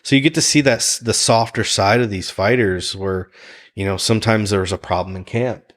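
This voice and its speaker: A man talking casually on a podcast, telling animated stories and laughing often. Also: on the low side, moderate pace. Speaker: guest, fighters' chef.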